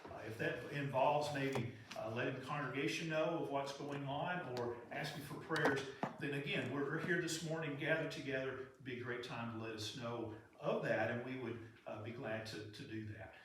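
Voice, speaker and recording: A man's voice: medium pitch, steady tone, moderate pace, background noise. A man preaching a sermon in a church in an earnest, conversational way. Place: church sanctuary. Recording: echoey hall from far off.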